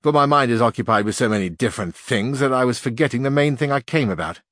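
A man's voice: mid-range voice, lively intonation, fast talker, a bit bright, no room sound, clean studio sound, natural voice. A man voicing a brusque demon courier with a harsh, discordant, formal delivery.

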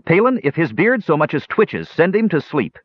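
A man's voice: a little high, wildly swooping pitch, brisk, slightly rough, no room sound, pitched above the performer's own voice, full character voice. A man doing a grim commanding young man. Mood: stern. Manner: curt, demanding. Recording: dull lo-fi recording.

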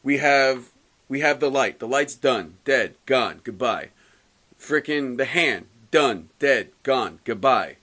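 A man co-hosting a casual podcast, recapping a comic book story with lively quoted lines and frequent restarts. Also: mid-range voice, slow. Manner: animated storytelling, recapping plot with quoted voices. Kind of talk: casual chat.

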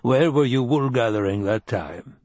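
A man voicing a shrewd, gruff older adviser who asks dry, probing questions with a wry edge. His husky voice is recorded close and dry. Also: mid-range voice, animated, normal speed, a little mellow, no room sound, natural voice.

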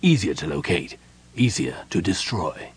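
A calm, unyielding elf general who speaks slowly and deliberately, pausing with small hesitations, as a man reads him in an audiobook. His voice drops well below the narrator's usual pitch and sounds husky. He stays quiet rather than loud. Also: full character voice. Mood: coldly reasoning. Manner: measured, deliberate, with soft hesitations. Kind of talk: audiobook character reading.

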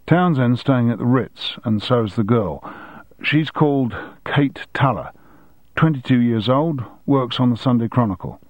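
A man voicing a gruff former army man with a Cockney twang, reporting what he found out. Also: mid-range voice, a little slow, no room sound, muffled recording, lightly acted.

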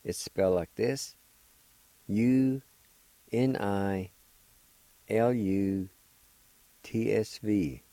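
A man's voice: fairly low pitch, fairly even intonation, very slow, long pauses, warm tone, no room sound, low-quality recording. A man hosting a radio language lesson, spelling out words letter by letter and repeating each syllable patiently. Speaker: language teacher and radio host.

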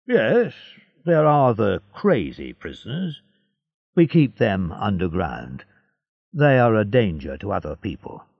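A man's voice: lowish voice, very animated, takes it slowly, vocal fry, breathy edge, dry recording, lo-fi sound, heavily acted. A man voicing a stern male prison governor who speaks in a curt, official way.

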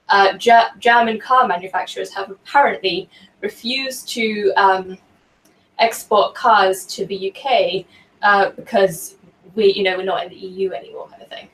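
A woman's voice: mid-range voice, normal speed. A woman co-hosting a casual talk show, chatty and hesitant with light laughter. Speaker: co-host. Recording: echoey room, distant mic, faint background noise.

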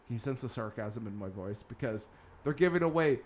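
A man's voice: medium pitch, lively intonation, brisk. Sarcastic man chatting gaming news. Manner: sarcastic, swears casually. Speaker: podcast host. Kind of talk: casual gaming news chat.

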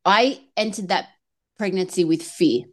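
A woman's voice: lowish voice, measured pace. A woman in her thirties, a podcast guest, talking earnestly and with feeling about faith and motherhood. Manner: earnest, animated, switches into quoted voices. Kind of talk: emotional faith and fertility talk.

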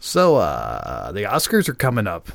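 A man's voice: deep voice, wildly swooping pitch, unhurried, creaky, dry recording. A man hosting a podcast in casual chat, joking around and laughing often. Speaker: podcast host.

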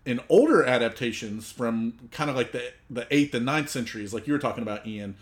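A podcast host in a loose, profane chat, retelling old myths for his friends. His voice sits at an ordinary middle pitch. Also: lively intonation, fairly quick.

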